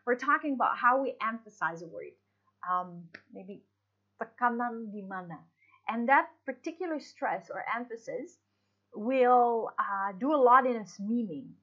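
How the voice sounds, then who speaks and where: A woman's voice: on the high side, lively intonation, a little slow, sharp tone, muffled recording. A woman teaching English in a recorded online lesson, explaining patiently with fillers and restarts.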